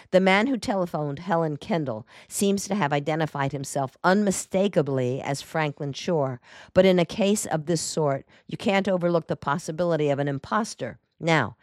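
A woman voicing a confident male lawyer in an audiobook, speaking briskly and assuredly. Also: sits low, no room sound, clean studio sound, natural voice.

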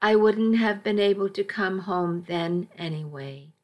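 Woman narrator doing a scared, sick mother in a storybook, soft and subdued, unhurried. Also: mid-range voice, lightly acted. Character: frightened, ill middle-aged mother asking a favor.

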